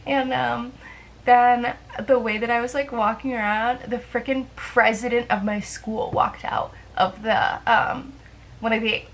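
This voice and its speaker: Young woman vlogging, kinda high voice, rambly and self-deprecating, lots of likes and ums, faint room hum. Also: steady tone, a little slow, rough recording. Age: young adult. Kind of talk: casual chat to camera.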